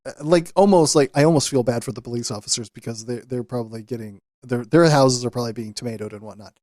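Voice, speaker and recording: A man's voice: mid-range voice, quick pace, darkish tone, no echo, studio quality. A man co-hosting a casual podcast discussion, talking loosely with lots of fillers. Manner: loose and chatty, many fillers. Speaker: podcast co-host.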